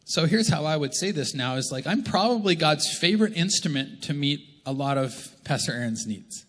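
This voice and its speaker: Male pastor, fairly high, bright and forceful voice, chatty joking sermon, big church echo. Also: expressive, moderate pace. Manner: conversational, joking preaching. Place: church auditorium. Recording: long church reverb.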